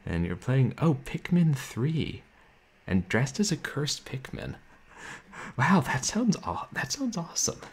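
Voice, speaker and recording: A man streaming a game and chatting with viewers in a laid-back, wry way, with a soft, somnolent voice and frequent chuckles. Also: mid-range voice, sing-song, slow, husky. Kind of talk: casual chat with stream viewers. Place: home room, roommates nearby.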